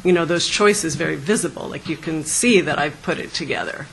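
Woman artist at a panel, gravelly bright tone, faint noise behind, reflective and halting. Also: sits low, low-quality recording. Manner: thoughtful, hesitant, laughs lightly. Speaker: artist presenting her work. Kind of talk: panel discussion answer.

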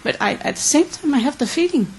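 A woman from the Netherlands asking a question from the floor, earnest, emotional and halting. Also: sits high, expressive, rough recording. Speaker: audience questioner.

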